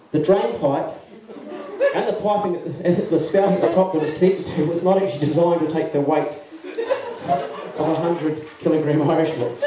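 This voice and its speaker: High-voiced New Zealand man telling a stage story. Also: roomy sound, distant mic, low-quality recording. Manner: animated, acts out other people's lines. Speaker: storyteller performing live. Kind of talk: live comic storytelling. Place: live venue with audience. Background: audience laughter.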